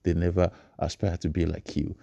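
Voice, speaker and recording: A man's voice: low-pitched, level tone, normal speed, gravelly, warm tone, no room sound, lo-fi sound. A man voicing Greatness as a friendly, confiding man at the top, inside a motivational speech. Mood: welcoming.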